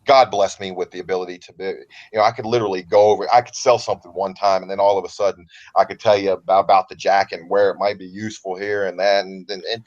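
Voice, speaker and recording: A man with a baritone voice and a light Southern American accent, a guest talking in a relaxed, rambling way over a remote call. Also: fast, few pauses, highs cut off. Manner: relaxed, rambling, comfortable speaker. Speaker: interview guest. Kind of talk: casual interview talk.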